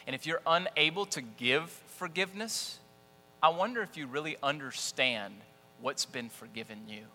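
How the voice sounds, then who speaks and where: A man preaching a sermon, telling personal stories in an animated, folksy, self-deprecating way. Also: mid-range voice. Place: church. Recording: echoey church hall with faint mains hum.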